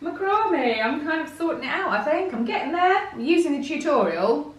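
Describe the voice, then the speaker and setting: A middle-aged woman, co-hosting a family vlog at home, relaxed and laughing easily. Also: sits high, normal speed, distant mic. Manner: relaxed, laughs often, soft-spoken. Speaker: vlog co-host. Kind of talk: casual vlog chat. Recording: echoey room, off-mic, faint noise.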